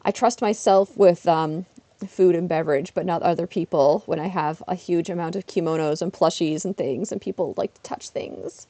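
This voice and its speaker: A woman chatting casually on a livestream while playing a game, self-deprecating and bursting into excited exclamations. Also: on the low side, moderate pace, dry recording. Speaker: streamer. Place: her apartment.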